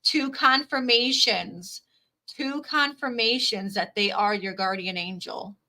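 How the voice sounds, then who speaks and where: A woman's voice: medium pitch, unhurried, pushed and bright. A woman reading tarot on a live stream, who repeats her phrases and reads viewers' comments aloud. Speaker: tarot reader.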